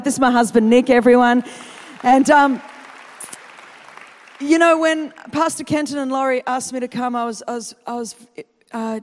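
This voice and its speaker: A woman from Australia with an Australian accent, preaching a humorous sermon and chatting and joking with the congregation. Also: mid-range voice. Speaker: guest preacher. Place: large church auditorium. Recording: long reverb of a church hall.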